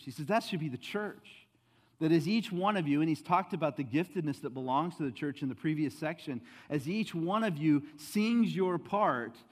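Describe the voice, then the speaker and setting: A man preaching a sermon as pastor, swinging between loud emphatic rises and soft, low asides. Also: big-room sound. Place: church sanctuary.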